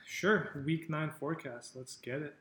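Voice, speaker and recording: A man's voice: fairly high pitch, normal speed, fairly bright tone, reverberant. A man co-hosting a podcast in casual chat, wry and a little sarcastic. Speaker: podcast co-host.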